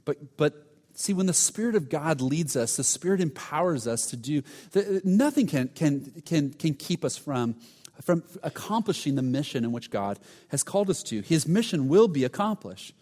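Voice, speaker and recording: Storytelling preacher in a reverberant hall. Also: male voice, a little high, sing-song, normal speed. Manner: storytelling, drops to a hush for dramatic moments, frequent restarts. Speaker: pastor. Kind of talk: sermon.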